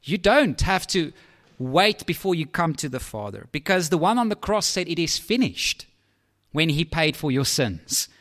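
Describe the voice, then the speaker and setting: A man preaching a sermon in a lively, conversational way, with asides to his listeners. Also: a little high, normal speed.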